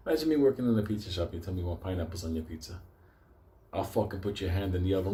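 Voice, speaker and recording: Swearing, rambling male vlogger, deep voice. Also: fast, warm tone. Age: older. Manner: swears constantly, rambling, laughs often. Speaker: stock market video host. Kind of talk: profane casual monologue to viewers.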